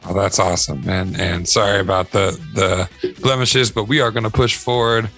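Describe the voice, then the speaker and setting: A man's voice: deep voice, fairly even intonation, normal speed, gravelly, fairly bright tone, soft background music. An upbeat man from Ohio hosting a casual podcast chat, laughing often. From Northern Ohio. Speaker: podcast host.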